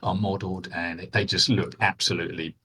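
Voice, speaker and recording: A man's voice: low voice, flat delivery, a little fast, pushed and bright, a little hiss or hum. An older man, a veteran game developer, chatting as an interview guest in a hesitant way, with many restarts and fillers. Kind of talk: casual interview chat.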